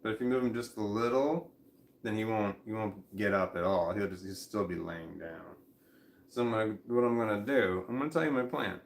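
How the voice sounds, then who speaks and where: A tired, high man rambling casually in a vlog, talking drowsily with a slight slur while lying down at home. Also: a little fast, gravelly, echoey room, slight background noise. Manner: drowsy, rambling, laughs to himself. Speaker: vlogger.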